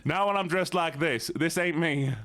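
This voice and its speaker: A man's voice: fairly high pitch, moderate pace, a bit bright, dry recording, pitched above the performer's own voice, close to an everyday voice. A man putting on a sassy, drawling Southern US accent as a Southern belle in stream banter. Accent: put-on Southern US. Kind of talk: live game stream banter.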